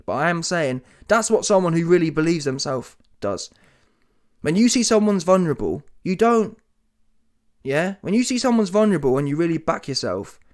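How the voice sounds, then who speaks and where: Bloke ranting about boxing, slangy and mocking, fairly high voice. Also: male voice. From Britain. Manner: animated, slangy, combative and mocking. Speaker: boxing commentator. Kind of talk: solo opinion rant.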